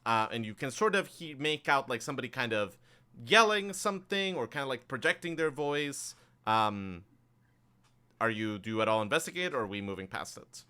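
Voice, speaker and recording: A man's voice: mid-range voice, lively intonation, moderate pace, sharp tone, clear, resonant tone. A man narrating a tabletop game as game master, loose and full of fillers.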